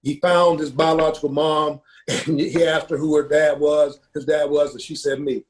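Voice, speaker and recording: A man, a football coach from Ohio, telling a personal story in an earnest, halting way, with many fillers and repeated words. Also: on the high side, level tone.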